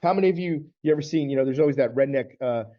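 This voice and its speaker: A man's voice: mid-range voice, racing. A man from the Southern United States, a men's divorce coach, talking earnestly and conversationally to camera and acting out little quoted exchanges. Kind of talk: direct-to-camera coaching talk. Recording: slightly dull lo-fi audio.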